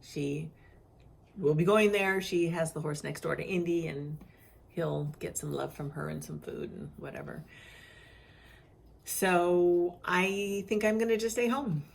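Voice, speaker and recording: A middle-aged woman speaks in a low, tired voice, worn out from crying. She tells her story in a casual vlog. She slips into the voices of the people she quotes. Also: unhurried, gravelly. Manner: animated, acts out others' lines in quoted voices. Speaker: vlogger sharing her cancer journey.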